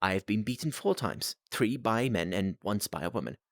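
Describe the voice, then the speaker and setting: A man's voice: fairly low pitch, animated, normal speed, dry recording, studio quality. A man reading aloud plays an aloof, precise detective who speaks in a clipped, self-assured way. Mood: cool.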